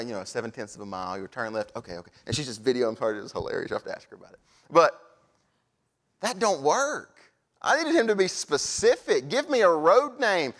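Preacher guy, folksy sermon, goes quiet then gets loud. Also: mid-range voice. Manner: folksy storytelling, shifting from soft to loud.

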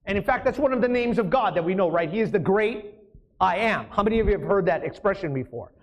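A man's voice: sits high, expressive, fast, dull audio. A man as pastor preaching a sermon, emphatic, often asking the congregation questions.

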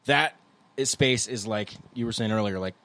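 A man's voice: on the low side, moderate pace. Laid-back rambling male podcast host. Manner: laid-back, rambling, breaks into loud goofy impressions. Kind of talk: casual chat.

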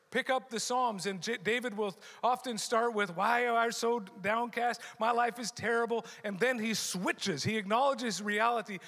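A man's voice: sits high, fairly bright tone. A middle-aged man preaching a sermon as pastor, emphatic and repeating his key phrases. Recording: long hall reverb.

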